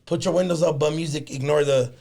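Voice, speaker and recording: A man with a slightly high, gravelly voice tells a story in loose, casual podcast chat. He swears freely and drops Spanish words into his sentences. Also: quick pace. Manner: profane, animated storyteller mixing in Spanish words. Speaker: podcast co-host.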